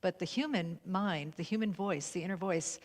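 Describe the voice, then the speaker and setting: A woman's voice: fairly low pitch, moderate pace. A woman hosting a spiritual livestream conversation, laughing often and affirming her guest. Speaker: livestream host. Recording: long hall reverb.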